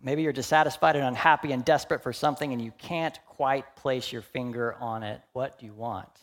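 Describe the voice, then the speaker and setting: A young adult male pastor preaching a sermon, animated and humorous, then dropping to hushed, earnest asides. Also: medium pitch, a little fast.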